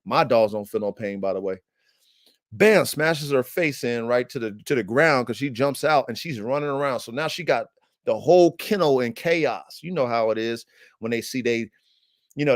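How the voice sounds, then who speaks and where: A man hosting a podcast, telling a story in an animated, heated way, swearing and using lots of slang and fillers to his listeners. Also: mid-range voice, no echo, studio quality. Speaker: podcast host. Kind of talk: casual livestream storytelling.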